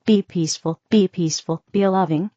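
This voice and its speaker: A woman's voice: lowish voice, normal speed, warm tone, dry recording, close to an everyday voice. A woman voicing a serene, reassuring female spirit teacher who keeps saying "you see", in a dull, dry recording. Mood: soothing.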